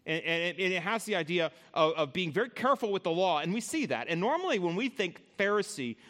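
A man with a somewhat high voice preaching a sermon. He talks in an easy, conversational way and often turns straight to his listeners. He is earnest, and his voice drops soft and low when he offers comfort. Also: very animated, fast talker. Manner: conversational, addresses listeners directly. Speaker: pastor.

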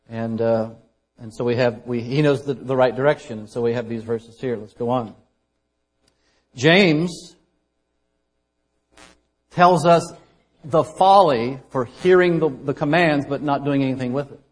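A man preaching a conversational sermon as a pastor, shifting between loud emphasis and quiet asides. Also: fairly high pitch. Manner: conversational preaching, dynamic loud and soft swings.

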